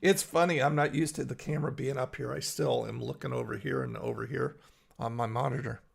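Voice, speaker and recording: A man's voice: medium pitch, fairly even intonation, a little fast, gravelly, husky. A middle-aged man hosting a casual live stream from his bed, rambling and chatty as he answers viewers by name. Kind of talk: casual live-stream chat, reading chat aloud. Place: in bed at home.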